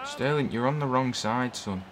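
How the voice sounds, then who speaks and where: An English man chatting casually while playing a football video game, yelling player names and cracking jokes. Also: medium pitch, moderate pace. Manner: excitable, yells player names, chatty banter. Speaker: gaming video host.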